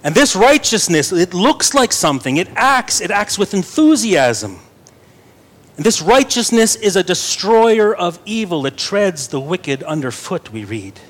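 A man's voice: high voice, sing-song, unhurried. A young man preaching a sermon, reading scripture earnestly and adding playful asides to his congregation. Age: young adult. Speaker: pastor.

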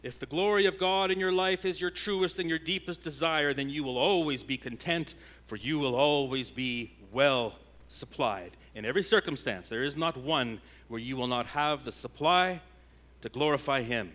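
A man preaching with a bright, forceful, somewhat high voice. He swings between ringing, emphatic declarations and quiet, intense stretches, driving each point home in a sermon. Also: moderate pace. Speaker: pastor.

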